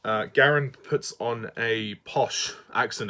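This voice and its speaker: A man's voice: mid-range voice, unhurried, hardly any pauses, a bit bright. Man, Southern English accent, casual spoken review, hesitant, frequent restarts, light laughter between phrases.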